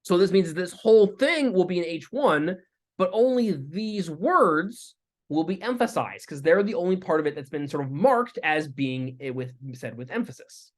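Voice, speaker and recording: A man teaching a lecture with live coding, talking in a relaxed way with fillers and restarts. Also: sits high, moderate pace. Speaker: instructor.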